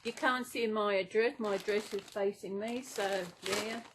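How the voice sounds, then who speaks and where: A woman's voice: mid-range voice, fairly even intonation, a little slow, very noisy. A woman chatting casually and unplanned in a vlog, rambling and gushing with gasps and restarts. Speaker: vlogger.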